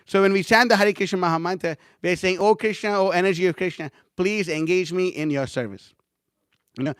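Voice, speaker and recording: A man's voice: high-pitched, a bit bright, no echo, clean studio sound. A young man teaching a casual class, rambling and chatty with many fillers and laughs. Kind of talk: casual class talk with anecdotes.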